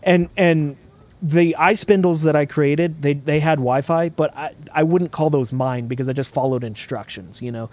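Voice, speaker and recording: A man with a slightly high, somewhat mellow voice talks at normal speed. He's the host of a podcast, musing casually about a project he's designing and often restarting his thoughts in this technical chat.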